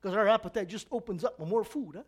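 Speaking fast, a preacher delivers a sermon that swings between shouted emphasis and quiet, low asides. He stretches out the key phrases.

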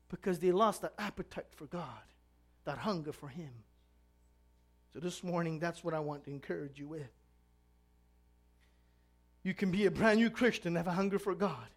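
This sermon moves back and forth between shouts for emphasis and hushed, low asides, with the preacher drawing out his key phrases.

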